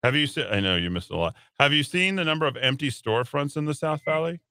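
A sarcastic man hosts a talk radio show, teasing his callers bluntly. His voice is bright and lively, swinging up and down in pitch. The studio sound is close and dry. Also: quick pace, smooth, dry recording. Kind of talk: casual talk radio banter. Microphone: studio microphone.

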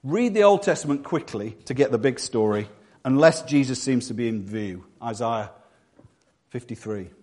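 A man from England preaching a sermon with humor, acting out quick voices and quotes. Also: medium pitch, animated, darkish tone.

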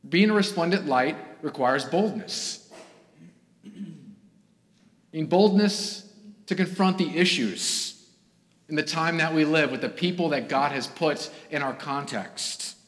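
A man's voice: on the high side, a little slow, long pauses. A man preaching a sermon to his congregation in an earnest way, rising to emphatic bursts. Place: church sanctuary. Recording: long hall reverb.

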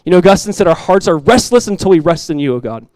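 A man's voice: high-pitched, fast, no room sound, low-quality recording. Conversational preacher, a man. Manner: conversational, animated storytelling with asides. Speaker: pastor. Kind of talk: sermon.

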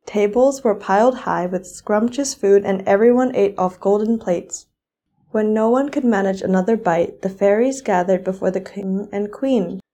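A teenage girl reading a fairy tale aloud in an expressive storybook style. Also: medium pitch, moderate pace. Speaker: student reader.

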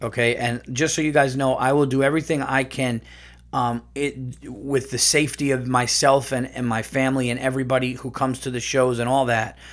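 A man's voice: medium pitch, level tone, brisk. A man hosting his podcast in a casual comedic monologue, ranting and swearing freely. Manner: profane, ranting. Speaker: podcast host.

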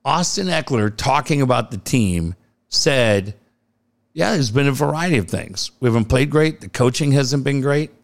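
A man's voice: mid-range voice, expressive, moderate pace. A male co-host in casual sports chat, telling profane, sarcastic stories.

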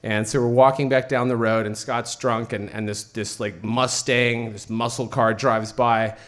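A man at a middle pitch tells a personal story to a crowd. He rambles and swears freely, in a loose, casual way. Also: little pitch movement, a little slow, fairly bright tone. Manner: rambling and profane. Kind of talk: personal story told to an audience.

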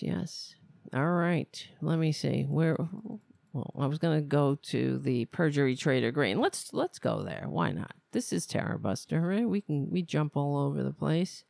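A woman's voice: sits low, vocal fry, a little mellow, no room sound. A woman hosting a live political commentary stream, ranting with scorn and stumbling over her words.

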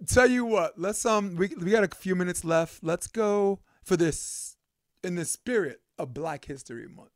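A man hosting a podcast in casual chat, playful and quick to laugh. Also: high voice. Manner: laughs often, playful and lively. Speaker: podcast host.

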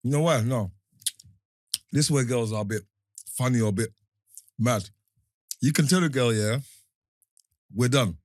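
A man talking in a casual chat, animated, his voice jumping high when he gets excited. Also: unhurried, pauses often, no echo, clean studio sound.

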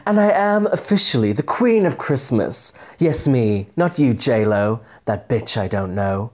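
A hungover man putting on a slow, drawn-out impression of a female pop superstar diva reading out a letter. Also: medium pitch, expressive, a little mellow, lightly acted. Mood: diva drawl.

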